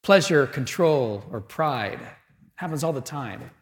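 A man preaching a sermon, telling a story with dramatic pauses and moving between loud and hushed delivery. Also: mid-range voice, lively intonation, echoey room.

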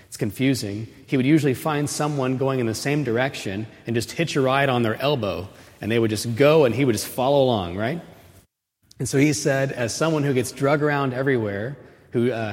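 Man preaching a chatty homily in reverb. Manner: chatty storytelling, frequent "right?" asides; grows louder and higher when stressing a point. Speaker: homilist at Mass. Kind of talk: conversational sermon. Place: church. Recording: long reverb of a church.

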